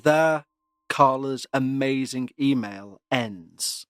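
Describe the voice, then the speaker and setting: A man hosts a paranormal podcast in an earnest, measured tone. His voice sits on the higher side for a man. Faint music runs underneath. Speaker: podcast host. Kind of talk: scripted paranormal podcast narration.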